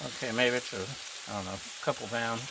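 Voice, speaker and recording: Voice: medium pitch, steady tone, fairly quick. A home cook vlogger giving playful, chatty cooking commentary outdoors, talking to the dogs now and then. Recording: loud sizzling griddle noise behind.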